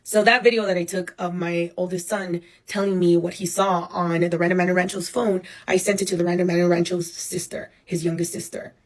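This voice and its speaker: A woman in her thirties telling a personal story for a casual storytime vlog, animated and profane, acting out the people she quotes. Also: lowish voice, brisk, hardly any pauses. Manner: animated, profane, dramatic retelling with acted-out quotes. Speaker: storyteller recounting her own life.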